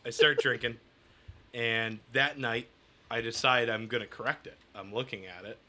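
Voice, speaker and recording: Young New guy, very bright tone, rambling crude anecdote, podcast guest. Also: mid-range voice, fairly even intonation, moderate pace. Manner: crude, rambling, laughing through his story. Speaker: comedian guest. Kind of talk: casual storytelling.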